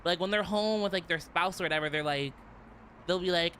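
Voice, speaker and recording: Bright-voiced, rambling young man streamer. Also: high voice, steady tone, fairly quick, slight background noise. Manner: rambling, giggly, heavy use of "like". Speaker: vtuber streamer. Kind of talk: casual chat stream.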